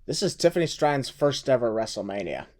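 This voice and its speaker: A man's voice: mid-range voice, sing-song, fast talker. A man hosting a podcast, passing the floor to others and introducing matches with announcer-style build-ups. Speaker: podcast host.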